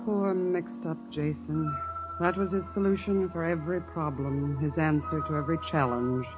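A male narrator of an old radio drama, measured and wry. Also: a little high, fairly even intonation, natural voice. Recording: dull old radio recording with music.

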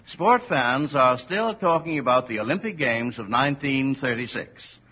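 A man giving scripted documentary narration in a measured, emphatic way. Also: mid-range voice, expressive, breathy edge, lo-fi sound.

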